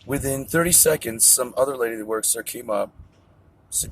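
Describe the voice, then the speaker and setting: A man's voice: mid-range voice, brisk, vocal fry, a little hiss or hum. A middle-aged man venting in an agitated, profane, tangent-jumping monologue to camera. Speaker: vlogger. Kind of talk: ranting monologue.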